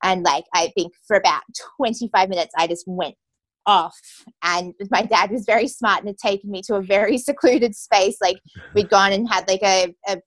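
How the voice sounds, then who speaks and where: A woman's voice: mid-range voice, moderate pace, no echo. A young woman candidly telling her own story in a conversation, with many casual fillers.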